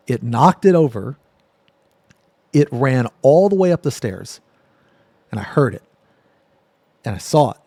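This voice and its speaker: A man on a live stream tells a rambling, profane story casually, dropping to a near-whisper before getting loud. His voice is fairly low, with no echo.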